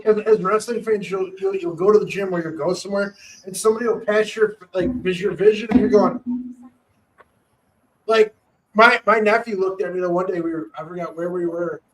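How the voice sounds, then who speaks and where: A man's voice: high voice, steady tone, brisk, poor audio. A man hosting a podcast in casual chat, talking loosely and restarting his words often. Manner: chatty, repeats words as he restarts. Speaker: podcast host.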